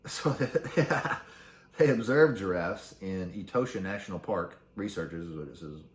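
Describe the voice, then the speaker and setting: A man's voice: sits low, expressive, unhurried, echoey room. A man hosting a casual solo podcast, reading facts aloud and cracking crude jokes along the way. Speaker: podcast host.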